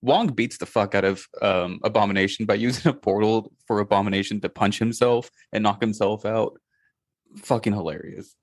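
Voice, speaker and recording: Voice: low voice, moderate pace, dry recording, studio quality. A podcast co-host in casual chat about a movie, laid-back and opinionated, cursing casually.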